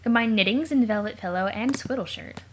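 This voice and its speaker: Reading a webcomic aloud for a let's play, a woman keeps stopping for chatty jokes and questions she muses about aloud. Her voice is fairly high and her pace fairly quick, with slight background noise behind it. The read-aloud is casual, with running commentary.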